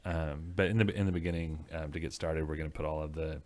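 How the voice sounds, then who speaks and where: A man, a brewery guest answering interview questions in a measured, steady way with frequent ums. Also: very deep voice.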